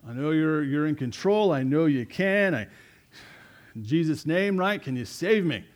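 A man's voice: on the high side, lively intonation, moderate pace, lightly acted. Preacher putting on a panicky young guy stuck on a cliff, pleading, voice goes up. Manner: pleading, eager. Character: young man hanging from a cliff, desperate. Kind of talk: sermon storytelling.

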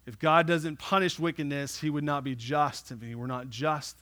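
A man preaching a sermon to his congregation in a slightly higher voice. He swings between loud, emphatic declarations and soft, slowed words. He checks in with the room often. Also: fairly even intonation. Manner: asks the congregation "right?" often. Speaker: pastor.

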